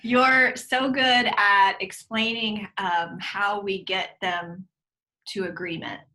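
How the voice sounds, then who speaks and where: A woman's voice: medium pitch, steady tone, slow, pushed and bright, poor audio. A woman hosting an interview, asking brief, encouraging questions. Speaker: host. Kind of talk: interview host.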